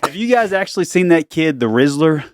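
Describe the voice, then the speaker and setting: Playful, lively dad hosting a podcast. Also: male voice, fairly high pitch, a little fast, slight background noise. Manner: playful, teasing. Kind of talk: casual family podcast chat. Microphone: close podcast microphone.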